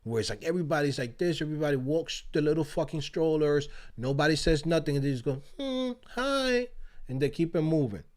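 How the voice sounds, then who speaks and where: A man's voice: a little high, quick pace, hardly any pauses. A man, hosting a casual livestream, telling stories with lots of swearing and laughter. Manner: animated, profane, laughing storyteller. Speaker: livestream host. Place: outdoors.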